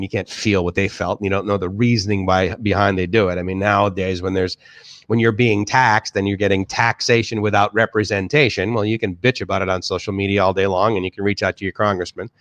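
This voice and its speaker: Low-voiced man rambling on a live stream. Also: fairly even intonation, fairly quick, a bit bright, no echo. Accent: Boston. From Boston area, USA. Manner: rambling, many restarts and fillers. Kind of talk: casual live-stream chat reading comments. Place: home, in Bangkok.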